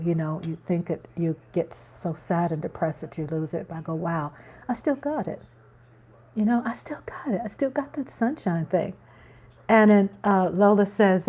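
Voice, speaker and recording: A woman hosting a live stream, chatting casually to her viewers in an excitable, rambling way with many restarts. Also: medium pitch.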